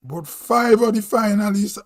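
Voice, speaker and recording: A man with a Grenadian accent talks in a high voice on his live stream. He speaks slowly and muses aloud, checking himself as he goes. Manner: slow, musing, thinking aloud. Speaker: vlog host. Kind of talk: casual live-stream talk.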